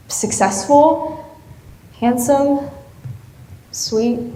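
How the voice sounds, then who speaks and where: Girl acting a moony bride-to-be talking to herself, highish voice, far off in an echoey hall. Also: darkish tone, a little hiss or hum, natural voice. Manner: wistful and self-mocking. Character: lovelorn young woman, bride-to-be, wistful. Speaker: student actor. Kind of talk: stage play monologue.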